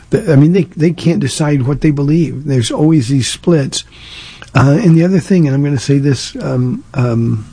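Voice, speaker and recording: A man's voice: mid-range voice, warm tone, husky, dry recording, rough recording. A man from Southern California, a pastor hosting a call-in radio show, answering listeners' questions in an earnest, plainspoken way at length.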